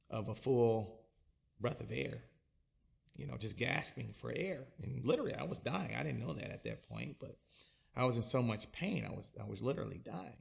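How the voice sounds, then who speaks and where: A man telling his own life story in a halting, repetitive way, often restarting his words. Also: mid-range voice, gravelly. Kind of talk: personal storytelling.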